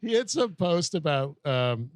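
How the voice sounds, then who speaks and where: A man's voice: on the high side, sing-song, measured pace, dry recording. A man co-hosting a comedy movie-review podcast, tossing in wry jokes and asides. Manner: wry, jokey asides, frequent laughs. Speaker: podcast co-host.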